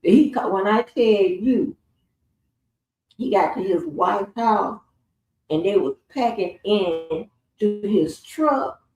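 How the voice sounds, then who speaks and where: A woman's voice: medium pitch, lively intonation, takes it slowly, long pauses, a little mellow, lo-fi sound, faint music behind. A woman hosting a casual livestream, telling stories with lots of swearing and laughter. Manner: profane, laughing storyteller. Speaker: stream host. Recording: roomy, distant from the mic.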